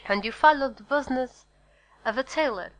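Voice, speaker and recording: A woman reading an audiobook, voicing a grave male priest with an Italian accent who asks measured, probing questions. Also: high-pitched, pitched above the performer's own voice, lightly acted.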